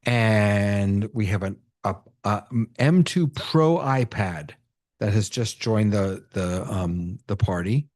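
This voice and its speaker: A man hosting a casual video call, excitable, laughing often and restarting his sentences. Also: on the low side, slow. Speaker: host of a video-call tech meetup. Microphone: computer mic on a video call.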